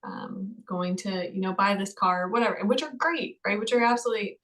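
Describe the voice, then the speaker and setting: A woman counselor chats as a podcast guest, telling everyday stories in a lively way. She fills her speech with casual asides. Her pitch sits in an ordinary middle range. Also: a little fast, low-quality recording. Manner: chatty, lively storytelling with many fillers. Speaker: mental health counselor.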